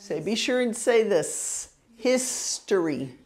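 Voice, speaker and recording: A woman's voice: medium pitch, very animated. A woman teaching a citizenship test class, patiently drilling pronunciation and sounding out words syllable by syllable. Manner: slow, patient, over-enunciating words.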